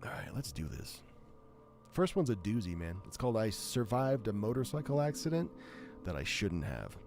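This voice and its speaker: A man with a smooth, buttery voice hosting a live stream, chatting casually and self-deprecatingly between reading short horror stories aloud. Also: on the low side, normal speed, faint music behind. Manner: self-deprecating, joking, animated.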